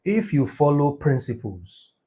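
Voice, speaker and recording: A man teaching numerology in an emphatic, preacher-like motivational lecture, his voice rising to near shouts. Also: on the high side, very animated, a little slow, slightly rough.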